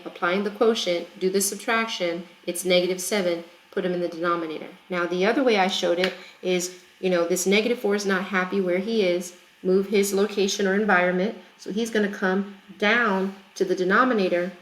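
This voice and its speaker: In a recorded lesson, a woman teacher works through a math problem step by step, chatty and often checking that students understand. Her medium-pitched voice is fairly even and a little fast, and the room is echoey.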